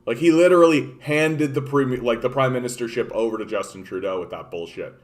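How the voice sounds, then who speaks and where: A man's voice: mid-range voice, fairly quick. Profane, exasperated Canadian man ranting. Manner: profane, exasperated, repeats phrases. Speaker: political commentator. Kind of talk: ranting political commentary.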